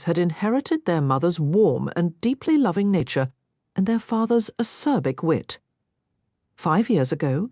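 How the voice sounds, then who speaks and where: Brief: low, expressive woman narrator, dry studio sound. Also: no room sound. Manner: expressive, voices each character. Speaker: audiobook narrator. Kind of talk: audiobook narration.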